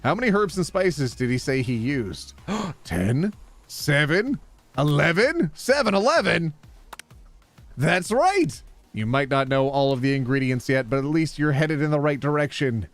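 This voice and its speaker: A man's voice: fairly high pitch, animated, moderate pace, soft background music. A man from Canada playing a game on stream, reading its text aloud in a playful, joking way. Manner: playful, joking, laughs often. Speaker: gaming streamer.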